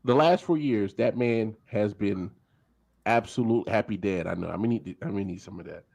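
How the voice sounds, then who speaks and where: A man hosting a casual late-night sports talk show, animated and filling his talk with hesitations. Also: lowish voice, fairly quick, gravelly. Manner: animated, hesitant with many fillers.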